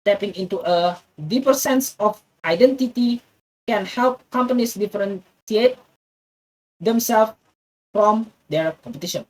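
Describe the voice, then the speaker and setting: A woman's voice: mid-range voice, recorded from a distance, rough recording. A woman with an Indonesian accent reading an English text aloud for practice, stumbling and restarting often. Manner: halting, many restarts and stumbles on words.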